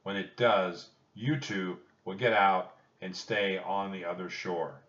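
A man voicing a stern, commanding army general in a storybook reading, speaking forcefully. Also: sits low, fairly even intonation, slow, distant mic, muffled recording.

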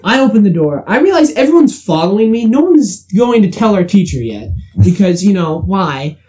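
A man's voice: sits high, big pitch swings, moderate pace, darkish tone. A young man telling a story in casual chat, acting out quotes and laughing often, recorded on a phone. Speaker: podcast co-host.

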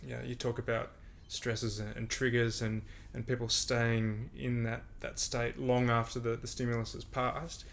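Guy with a gravelly fry voice chatting on a podcast, easygoing, kinda restarts his words a lot. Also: mid-range voice, normal speed, hardly any pauses, slight background noise. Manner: relaxed, repeats words while thinking. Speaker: podcast guest, breathing coach. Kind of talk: casual conversational explaining.

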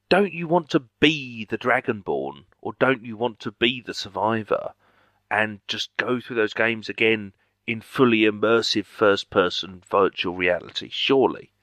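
Man, casual podcast chat, enthusiastic, forceful bright tone, dry close sound. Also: mid-range voice, moderate pace, no echo. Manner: enthusiastic, swears freely. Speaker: podcast co-host.

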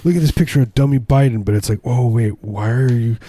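A man's voice: mid-range voice, brisk, mellow, dry recording. A man chatting casually as a co-host, rambling through stories with many restarts and acted-out quotes. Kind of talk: casual comedic chat.

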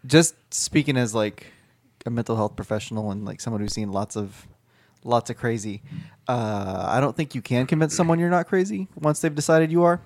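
A man's voice: medium pitch, animated, normal speed, darkish tone, no room sound. Rambling podcast co-host, a man with a mid-range voice, explanatory and loose, recorded dry and close. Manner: rambling, explanatory, heavy on fillers. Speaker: podcast co-host, mental health professional. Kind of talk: casual group chat.

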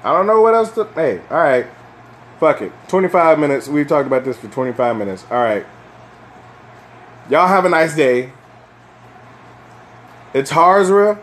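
A young man hosting a casual solo chat, rambling and swearing, with lots of fillers and animated bursts when he rants. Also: fairly high pitch, moderate pace, long pauses, a little hiss or hum. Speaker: podcast host.

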